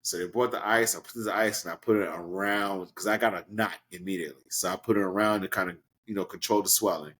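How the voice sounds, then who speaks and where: Animated male storyteller from Brooklyn. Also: fast talker, few pauses. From Brooklyn, New York. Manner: animated, acts out quoted people with big jumps in pitch. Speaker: guest, professional wrestler. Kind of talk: casual storytelling in an interview.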